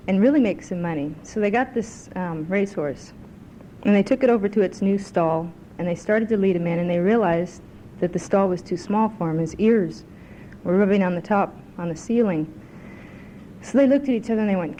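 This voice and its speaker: A woman's voice: medium pitch, a little fast, warm tone, a little hiss or hum, rough recording. A woman speaking at a recovery meeting, a chatty, self-mocking storyteller who tells a joke. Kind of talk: personal recovery talk with a told joke. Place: club meeting room.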